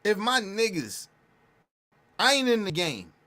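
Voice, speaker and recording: A man talking casually and bluntly, repeating and restarting his phrases, with emphatic jumps in pitch and loudness. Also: very animated, unhurried. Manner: blunt, repetitive, restarts phrases, profane slang. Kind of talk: casual street talk commentary.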